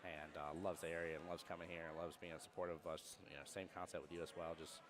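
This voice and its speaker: A man's voice: deep voice, flat delivery, quick pace, slight background noise. A man commentating a pool match with a co-host in a pool hall, telling stories casually with many restarts. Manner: rambling storyteller, many restarts.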